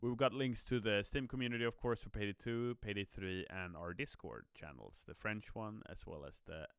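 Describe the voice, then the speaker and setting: A tired man keeps an upbeat chat going on a live stream as a game community manager, yawning while he reads viewer comments aloud into a streaming mic. His voice is fairly low, a bit bright and clean at a moderate pace, and the recording is dry with clean studio sound.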